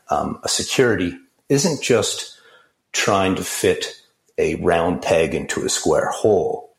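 Deep-voiced man answering with measured pauses. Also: gravelly. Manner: measured, many fillers and restarts. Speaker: guest, crypto project founder. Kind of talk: interview answers.

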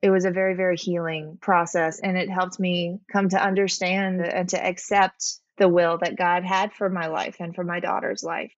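A woman's voice: fairly low pitch, flat delivery, normal speed, few pauses, no room sound, highs cut off. A woman telling a personal story as a podcast guest, earnest and reflective. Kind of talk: heartfelt interview talk.

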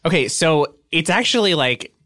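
A man's voice: on the high side, lively intonation, moderate pace, pushed and bright, dry recording, studio quality. A young man on a podcast as a guest, telling stories in a rambling, chatty way full of fillers. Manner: rambling, filler-heavy storytelling with many "like"s. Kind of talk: casual chat.

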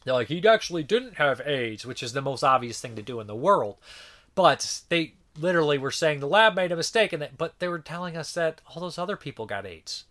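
A man's voice: fairly high pitch, lively intonation, fairly quick, sharp tone. A man in his thirties reviewing a movie in a casual, rambling monologue, swearing freely and using lots of filler words.

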